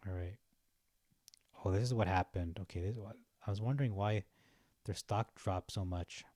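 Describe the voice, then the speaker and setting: Casting note: young male vlogger, chatty and easygoing, low mellow voice, dry close sound. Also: normal speed, no room sound. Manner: chatty, laughs at his own jokes, frequent fillers. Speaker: stock market vlogger. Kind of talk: casual rambling commentary while browsing.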